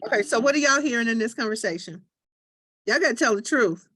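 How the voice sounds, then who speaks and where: A woman hosting a talk show, telling lively stories and acting out what other people say. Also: on the high side, fast, husky, dry recording, clean studio sound. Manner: lively storytelling, acts out voices of others. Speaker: host. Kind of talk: group talk show on listening.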